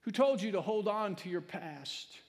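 A male pastor preaching a sermon, swinging between loud, emphatic lines and hushed, quiet ones. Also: sits high, animated, moderate pace. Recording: long hall reverb.

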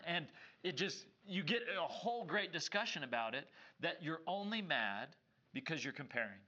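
Male co-host, seminary teacher type, bright and forceful, acts out the dialogue, dull lo-fi sound. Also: on the high side, normal speed. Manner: animated storyteller who acts out dialogue. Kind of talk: casual scripture discussion.

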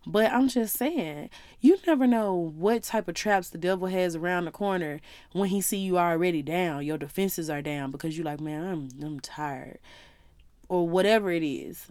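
A woman's voice: lowish voice, moderate pace, a little mellow, no echo. Chatty woman podcaster, dry sound. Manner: conversational, drifts into voicing God and others. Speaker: podcast host. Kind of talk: casual faith talk.

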